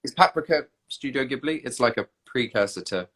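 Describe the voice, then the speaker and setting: A man's voice: medium pitch, animated, brisk, fairly bright tone. A man, chatting casually on a livestream and answering viewer comments. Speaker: livestream host reading comments. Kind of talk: casual chat.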